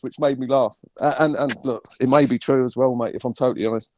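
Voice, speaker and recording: Man, from Northern Ireland, interviewer, matey and joking, fast talker, dry sound. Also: medium pitch, steady tone, a little mellow, no echo. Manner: matey and joking, keeps saying "mate". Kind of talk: casual interview chat.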